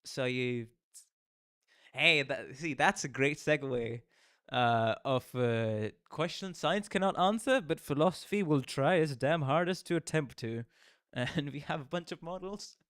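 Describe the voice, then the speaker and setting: A man's voice: a little high, measured pace, a bit bright, clean tone, no echo, studio quality. A man streaming a visual novel, chatting and reacting with giggles between read lines.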